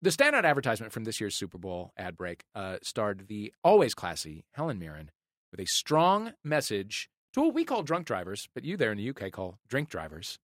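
A man's voice: lowish voice, wildly swooping pitch, a little fast, fairly bright tone, no room sound, studio quality. Wry man hosting. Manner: wry, playful, crude jokes. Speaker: podcast host. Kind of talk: comedy podcast hosting.

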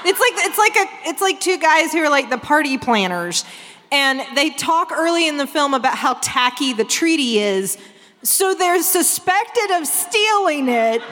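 A woman's voice: high-pitched, sing-song, a bit bright. A woman co-hosting a live comedy podcast on stage, talking wryly about a movie and laughing often. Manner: laughing, quick wry commentary. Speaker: co-host. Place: stage before a live audience. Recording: live stage recording with long hall reverb.

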